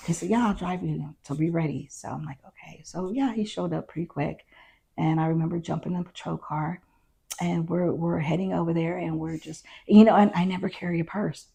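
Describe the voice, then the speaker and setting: As an interview guest, a middle-aged woman and former constable tells her story in a relaxed fashion, voicing others' words and retelling events with quoted dialogue. Her fairly low voice stays steady in tone and runs a little fast, with vocal fry, mellowness and a breathy edge.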